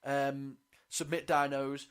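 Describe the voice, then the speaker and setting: A man co-hosting a climbing podcast, chatting in a relaxed, slangy way. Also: medium pitch, takes it slowly, smooth. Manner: laid-back, chatty, slangy. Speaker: podcast co-host. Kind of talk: casual podcast chat.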